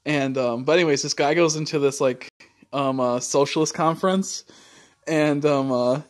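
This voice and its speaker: A man's voice: fairly high pitch, moderate pace. A man livestreaming, chatting casually and rambling with many fillers and casual swearing.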